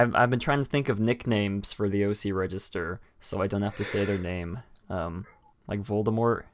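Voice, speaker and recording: A man's voice: medium pitch, no room sound, clean studio sound. A man hosting a casual live stream chat, rambling with many fillers and restarts. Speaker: host.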